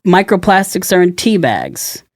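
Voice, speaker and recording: A man's voice: sits high, wildly swooping pitch, measured pace, no echo, clean studio sound. A man co-hosting a podcast, musing in casual chat and often searching for words. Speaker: podcast co-host.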